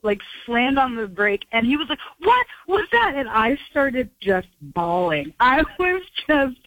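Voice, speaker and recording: A woman's voice: fairly high pitch, a little slow, no room sound, rough recording. A woman co-hosting a radio show, telling a funny story and acting out the voices in it. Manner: animated storyteller who acts out the voices. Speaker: radio co-host.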